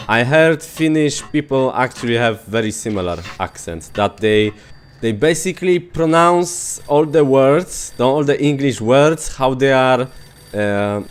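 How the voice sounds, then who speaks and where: A man's voice: medium pitch, expressive, a little slow, clear, resonant tone. A man from Poland with a Polish accent, a native Polish speaker, chatting casually while streaming a game, rambling with many fillers. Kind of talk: casual gaming stream chat.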